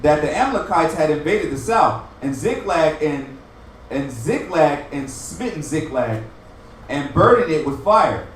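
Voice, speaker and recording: A man reading scripture aloud verse by verse in a measured, formal way, now and then stumbling over a word. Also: a little high, animated, a little hiss or hum. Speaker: scripture reader. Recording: distant, very echoey room.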